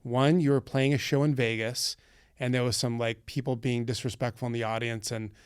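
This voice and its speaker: A man's voice: mid-range voice, fairly even intonation, a little fast, smooth, no room sound, studio quality. A man hosting a casual podcast chat, a pilot who talks through flights in detail and laughs often.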